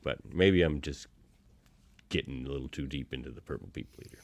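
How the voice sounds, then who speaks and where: A man with a thick Nova Scotian accent chatting on a podcast in a playful, teasing way. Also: a bass voice. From Canada. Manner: playful and teasing, quick to laugh. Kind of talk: casual podcast chat.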